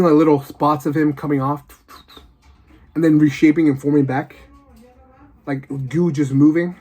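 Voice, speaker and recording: Rambling man pitching fan movie ideas. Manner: rambling, excited, lots of fillers. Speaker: video host.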